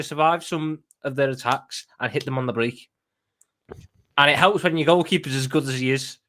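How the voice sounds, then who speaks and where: A man's voice: mid-range voice, a bit bright. A man giving an emphatic post-match reaction as a football fan pundit, often stumbling and restarting his sentences.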